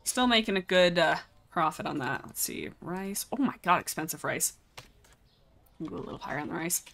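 A woman's voice: deep voice, lively intonation, a little fast, vocal fry, a bit bright, a little hiss or hum. A young adult woman chatting casually through a live game stream, exclaiming often and talking straight to her viewers.

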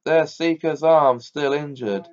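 Man reading a fretful young captain, urgent and forceful, dull lo-fi sound. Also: a little high, slow pace. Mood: agitated. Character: intense, anxious teenage team captain. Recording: dull lo-fi recording.

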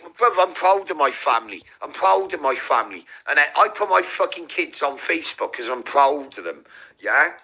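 A man's voice: on the high side, bright, forceful tone, rough recording. A British man hosting a livestream, delivering an aggressive, sneering rant full of swearing. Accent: British English. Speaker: livestream host. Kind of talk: ranting livestream callout.

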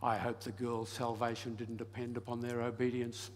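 A man preaching a sermon and telling a story, swinging from loud emphasis to soft, hushed lines. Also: medium pitch, monotone, normal speed, a little hiss or hum. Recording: long hall reverb.

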